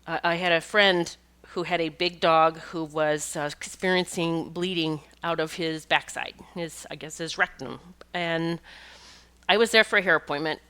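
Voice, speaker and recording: A woman's voice: low voice, steady tone, normal speed, bright, forceful tone, clear, resonant tone. A middle-aged woman hosting a podcast, talking casually in a rambling monologue with many restarts and occasional laughs. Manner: chatty, rambling, restarts often and laughs while telling stories. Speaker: podcast host and pet communicator.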